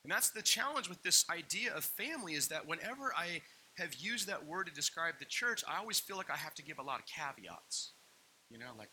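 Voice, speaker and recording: Bright-voiced man preaching a sermon. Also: fairly high pitch, very animated, brisk, a little hiss or hum, rough recording. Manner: storytelling with playful asides and voiced quotes. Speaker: pastor. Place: church hall.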